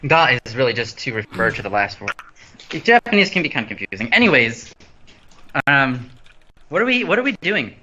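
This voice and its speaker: A man's voice: medium pitch, sing-song, brisk, bright, forceful tone. A man hosting a casual livestream over his phone from an empty new house, rambling playfully and losing his train of thought. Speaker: host. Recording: slightly dull lo-fi phone stream audio.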